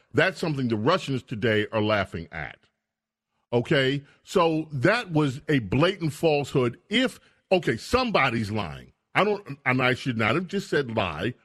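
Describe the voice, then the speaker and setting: A man hosting a political talk radio show, speaking in an animated, indignant way with frequent restarts. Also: mid-range voice, husky.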